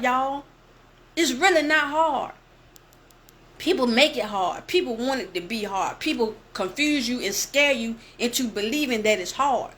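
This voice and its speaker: A woman reading scripture aloud and preaching with passion, speaking straight to her listeners and slowing down to stress key phrases. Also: high voice, fairly bright tone, slight background noise. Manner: impassioned, addresses listeners directly. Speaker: bible teacher.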